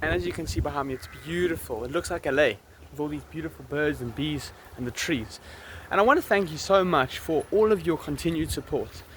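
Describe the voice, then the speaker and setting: A man with a South African accent and a fairly high, fairly bright voice vlogs outdoors in an urban area, chatting casually to the camera. He rambles and corrects himself as he goes, with a little hiss or hum in the audio.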